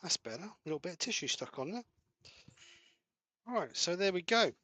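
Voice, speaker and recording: A man's voice: high-pitched, normal speed, no room sound. A man hosting a live woodturning stream from his workshop, chatting casually and talking through his work as he goes. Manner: relaxed, practical, mutters while working. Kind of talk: casual live-stream chat while demonstrating. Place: home workshop.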